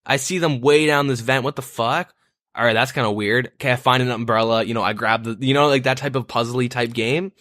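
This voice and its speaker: Dude rambling thru a story on a podcast, cussing a ton, dry sound. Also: male voice, medium pitch, fairly even intonation, fairly quick, bright, forceful tone, no room sound. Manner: profane, rambling, lots of fillers. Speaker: podcast co-host. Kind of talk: casual banter, storytelling.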